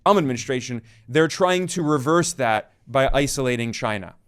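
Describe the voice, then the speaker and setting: A male journalist reading a scripted news report in a measured, emphatic way. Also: medium pitch, expressive, smooth. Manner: measured, emphatic delivery with quoted passages.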